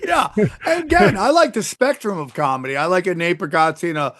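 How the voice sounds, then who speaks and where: A middle-aged man hosts a casual podcast chat in a slightly higher voice, blunt and profane, often restarting his sentences. His voice is recorded dry, with no room sound. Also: lively intonation, brisk, fairly bright tone, dry recording. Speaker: podcast host.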